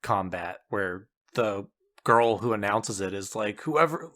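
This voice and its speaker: A man co-hosting a podcast in relaxed, casual chat. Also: fairly low pitch, a little slow. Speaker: podcast co-host.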